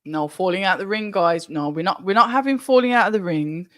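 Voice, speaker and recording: A woman hosting a live fight watch-along stream, chatty and excitable, talking straight to her viewers. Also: fairly low pitch, a little fast, dry recording. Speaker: livestream watch-along host.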